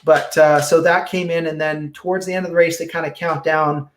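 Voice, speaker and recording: A middle-aged man talks on a podcast as a guest, a little higher-pitched than most men. He tells his story in a very expressive, animated way, acting out what others said. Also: brisk, slight background noise. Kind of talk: casual storytelling interview.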